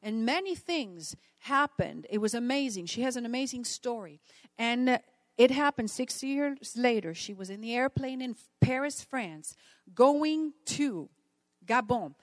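A woman from the Netherlands preaches with earnest conviction, her voice a touch higher than most. She tells stories and turns to her listeners with questions. The sound is dry, with no room echo. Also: lively intonation, measured pace. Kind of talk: sermon.

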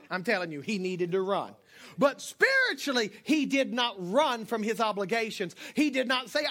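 A middle-aged man preaching a sermon as pastor, joking with the congregation and swinging from quiet asides to loud shouts. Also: very high voice.

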